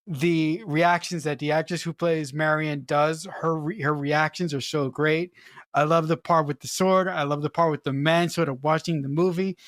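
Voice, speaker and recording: An excitable podcast co-host retelling favorite film scenes at a middle pitch, laughing and swearing freely. The sound is dry and close, with no room. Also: no room sound. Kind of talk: casual film review chat.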